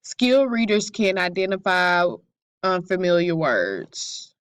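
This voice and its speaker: A woman's voice: fairly low pitch, sing-song, takes it slowly, clean tone. A young woman student reading her class presentation aloud carefully, with occasional slips.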